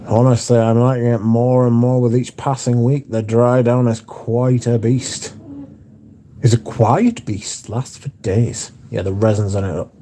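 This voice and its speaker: Mellow-voiced man chatting casually. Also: medium pitch, fairly even intonation, unhurried, slight background noise. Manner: laid-back, banters with viewers, casual swearing. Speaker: livestream host reading chat. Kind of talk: casual chat. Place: indoors at home.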